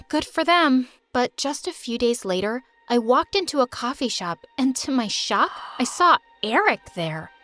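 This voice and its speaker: A woman's voice: sits high, a bit bright. A woman narrating a first-person story in a chatty, conversational way.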